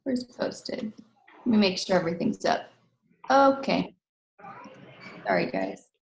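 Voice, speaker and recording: A woman's voice: medium pitch, wildly swooping pitch, takes it slowly, a little hiss or hum. Woman, co-presenter, casual webinar, chatty, apologetic, roomy echo, slightly distant. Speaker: fitness coach and co-presenter. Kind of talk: casual online training webinar. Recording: roomy echo, a bit off-mic.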